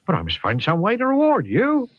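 A man's voice: huge pitch swings, fairly quick, dry recording, exaggerated voice. A man voicing a worried, stammering farmer with a West Country accent, raised far above his own voice. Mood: grateful. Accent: West Country English. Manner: stammering, high-strung. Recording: dull lo-fi sound.

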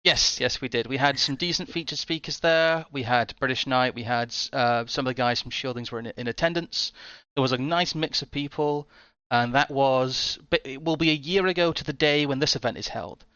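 A male host with a bright, crisp voice, talking in a chatty, rambling way. The sound is dry but somewhat dull and muffled, as if through a modest mic. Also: medium pitch, moderate pace, no room sound. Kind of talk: casual interview hosting.

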